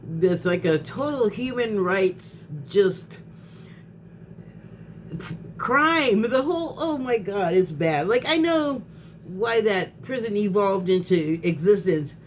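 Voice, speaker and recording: A woman's voice: mid-range voice, lively intonation, slow pace, a little hiss or hum. A woman vlogger in a casual spoken monologue who rambles, restarts her sentences, laughs often and gets heated.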